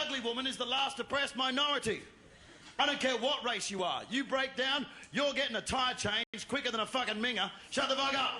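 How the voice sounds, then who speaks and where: A man doing a live stand-up routine on stage before an audience, ranting crudely and provocatively, often shouting. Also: very high-pitched. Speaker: stand-up comedian. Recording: roomy live venue with room noise.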